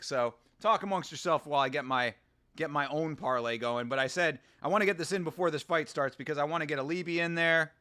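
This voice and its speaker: A man hosting a casual fight watch-along, excitable and jokey. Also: fairly high pitch. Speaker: host.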